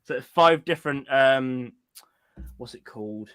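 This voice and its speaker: A man's voice: medium pitch, a little slow, fairly bright tone, smooth, dry recording. A man hosting a live stream, chatting casually, joking, laughing often and putting on silly voices. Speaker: stream host.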